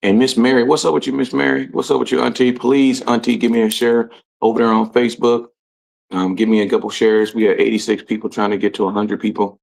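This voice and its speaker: A man hosting a casual livestream, reading out commenters' names and greeting them in relaxed, slangy talk. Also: medium pitch, fast talker, creaky. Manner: shouting out commenters, laid-back slangy talk. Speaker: livestream host. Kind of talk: casual live-stream chat.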